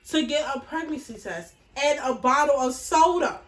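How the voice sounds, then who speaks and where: A woman's voice: high-pitched, normal speed. Blunt, cursing young woman telling a story. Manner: blunt, profane, animated retelling. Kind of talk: casual storytime chat. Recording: echoey room, mic far off, faint hiss.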